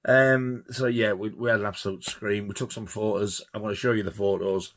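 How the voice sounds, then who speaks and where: A man's voice: fairly low pitch, fairly even intonation, a little fast. A man telling a rambling, laughing anecdote on his vlog, swearing freely. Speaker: vlogger.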